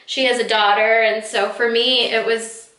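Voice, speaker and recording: A woman's voice: a little high, flat delivery, moderate pace, bright, forceful tone. A woman in her thirties talking candidly to camera at home in a get-ready-with-me vlog, rambling and heartfelt with lots of fillers. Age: 30s. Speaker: vlogger. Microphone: camera mic. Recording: roomy echo.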